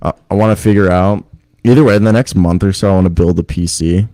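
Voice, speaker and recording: A man's voice: sits low, steady tone, fast talker, mellow, no room sound. A young man co-hosting a podcast in casual, rambling chat, joking, laughing often and swearing, recorded over a remote streaming call. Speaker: podcast co-host. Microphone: remote video call streaming setup.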